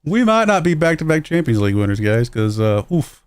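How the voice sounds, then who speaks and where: A man's voice: on the high side, very animated, brisk, clear, resonant tone, no room sound. Man, casual game commentary, self-deprecating, dry close mic. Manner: musing aloud, self-deprecating, chuckles at own mistakes. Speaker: streamer playing a football management game.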